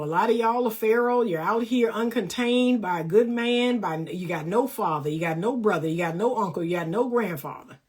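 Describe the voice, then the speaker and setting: A woman's voice: medium pitch, slightly rough. A woman in her fifties, a dating coach and counselor, talking to camera from her home studio in an emphatic, sassy way with frequent laughs. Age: 50s. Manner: emphatic and sassy, laughs often, acts out quoted people. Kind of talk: casual to-camera advice monologue.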